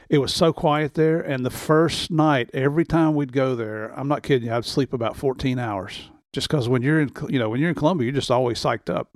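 A man co-hosting a podcast in casual chat, relaxed and quick to laugh. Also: mid-range voice, dry recording, studio quality. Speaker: podcast co-host.

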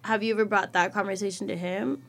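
A woman's voice: medium pitch, steady tone, fast talker, background noise. A woman co-hosting a podcast in casual chat, asking probing questions. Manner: probing, asks pointed questions. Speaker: podcast co-host.

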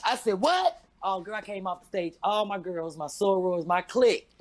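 A woman in her fifties, a stand-up comedian, telling a story in a loud, profane, animated way and acting out every quote. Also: normal speed. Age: 50s. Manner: loud, profane, acts out quotes with big pitch jumps.

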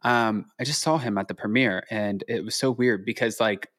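A man's voice: fairly low pitch, moderate pace, fairly bright tone. A man guesting on a podcast, talking bluntly and animatedly as he retells conversations. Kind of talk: casual chat.

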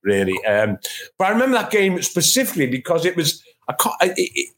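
A middle-aged man from England, a football journalist on a podcast, telling a long anecdote with animated asides and exasperated re-enactments. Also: fairly high pitch, fast. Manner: animated storytelling, acts out his own exasperation.

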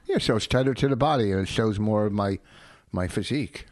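A man's voice: on the low side, brisk, a little mellow. A man co-hosting a podcast, defensive and matter-of-fact in casual banter. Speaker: podcast co-host.

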